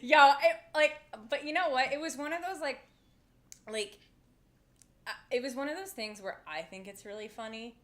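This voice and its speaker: A woman's voice: high-pitched, normal speed. A woman co-hosting a podcast in casual chat, talking in a chatty, self-assured way with plenty of fillers. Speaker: podcast co-host.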